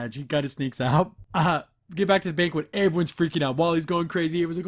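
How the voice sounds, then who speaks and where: A man's voice: fairly high pitch, fairly quick. A man hosting a podcast, casually recapping an episode and acting out the characters' lines. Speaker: podcast host.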